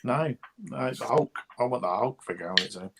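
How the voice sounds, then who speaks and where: A man with an English accent chatting casually as a co-host, often trailing off softly. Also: medium pitch, animated, fairly quick, vocal fry, a little hiss or hum. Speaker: toy show co-host. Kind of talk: casual chat.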